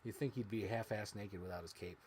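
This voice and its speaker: A young man vlogging to camera, chatting excitedly about his childhood toys, swinging from loud squeals to quiet mumbles and swearing casually. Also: lowish voice, a little fast, slight background noise. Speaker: toy unboxing vlogger.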